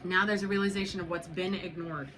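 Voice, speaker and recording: A woman's voice: fairly low pitch, fairly even intonation, quick pace, bright, forceful tone. A woman giving a spiritual tarot reading to viewers, blunt and profane, urging and repeating herself. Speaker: tarot reader. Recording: noisy background.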